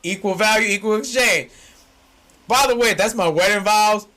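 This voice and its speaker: A young man, co-hosting a casual chat that swings from low musing to shouting, laughing excitement. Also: moderate pace, slight background noise. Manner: excitable, shouts and laughs when hyped, slangy. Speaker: podcast co-host.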